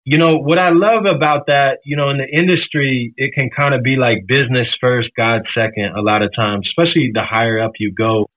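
A man's voice: mid-range voice, fairly even intonation, fairly quick, hardly any pauses. A man from Florida, a musician guest in a radio interview, talking earnestly and reflectively, at times emotional. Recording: tinny phone line.

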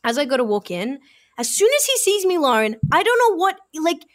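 A young woman, co-hosting a casual podcast chat and telling a long story in an animated way, full of "like". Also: high-pitched, a little fast. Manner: animated, says "like" a lot, drops to a hushed voice for quotes. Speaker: podcast co-host.

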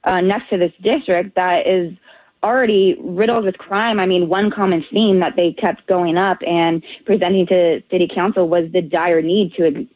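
A woman's voice: lowish voice, fairly even intonation, no room sound. Indignant woman on a tinny phone line. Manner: indignant, fast, emphatic. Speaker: correspondent. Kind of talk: phoned-in radio interview.

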